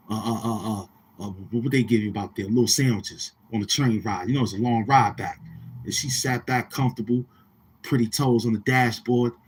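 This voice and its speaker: On his channel, a male commentary vlogger with a mid-range voice delivers rambling, taunting street-talk commentary, repeating himself in heavy slang. There's a little hiss or hum on the recording.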